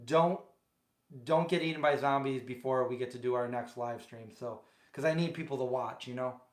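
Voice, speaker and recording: A man's voice: medium pitch, moderate pace, roomy sound. A man hosting a casual livestream from his home kitchen, rambling and chatting directly with viewers. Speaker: livestream host. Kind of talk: casual chat.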